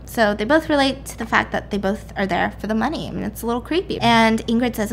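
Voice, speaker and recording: A woman's voice: on the high side, fast talker, gravelly, few pauses, a little hiss or hum. A woman casually retelling a story, rambling and chatty, acting out the characters' lines with swearing. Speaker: podcast host.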